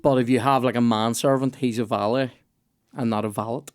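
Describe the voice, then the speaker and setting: A man's voice: medium pitch, steady tone, fairly quick, clear, resonant tone. A man, hosting a casual comedy podcast chat, swearing freely and mimicking the people in his stories. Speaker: podcast host.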